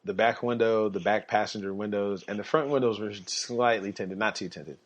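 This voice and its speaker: Animated young man telling stories. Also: on the low side, normal speed. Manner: animated, laughs through his stories, acts out quotes. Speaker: podcast guest storyteller. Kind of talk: casual storytelling. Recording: dull lo-fi podcast audio.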